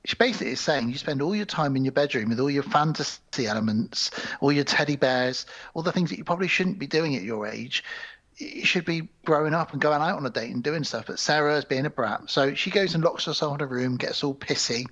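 A man's voice: a little high, a little fast, a bit bright, dull audio. A man co-hosting a podcast, retelling a film's plot casually and acting out the characters' lines. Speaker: podcast co-host. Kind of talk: casual film recap.

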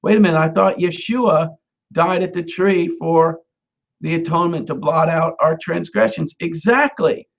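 A man's voice: a little high, moderate pace, vocal fry, highs cut off. A man, a messianic rabbi, preaching a conversational sermon and stressing repeated Hebrew words. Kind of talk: sermon teaching on scripture.

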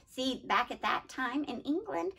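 A woman with a high, bright voice runs a children's club, speaking straight to the kids at home. She is playful and lively, then settles into telling them a story. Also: unhurried, gravelly, breathy edge. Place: church setting, streamed to children at home.

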